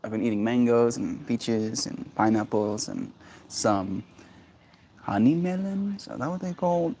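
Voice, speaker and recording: A man hosting his own daily stream, high and rambling in a casual, halting way with many restarts. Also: dark tone, slight background noise. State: high on cannabis. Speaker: livestream host. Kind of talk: casual solo stream chat.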